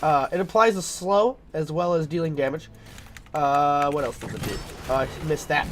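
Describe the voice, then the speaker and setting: High-voiced man rambling over gameplay. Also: normal speed, background noise. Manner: rambling, filler-heavy, thinking aloud. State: sick, clearing throat. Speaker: gameplay commentator. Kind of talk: casual gameplay commentary.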